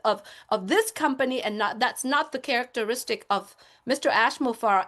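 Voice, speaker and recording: A woman speaking as a panelist on a webinar, giving an impassioned, emphatic talk that circles back to its points. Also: sits high. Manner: emphatic, repetitive, lecturing.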